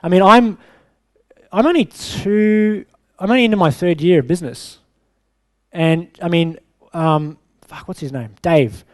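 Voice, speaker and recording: A man's voice: high voice, unhurried, pauses often, dry recording. A man who is a business coach, giving a punchy bootcamp talk to a live audience, checking in with "okay?" and swearing for emphasis.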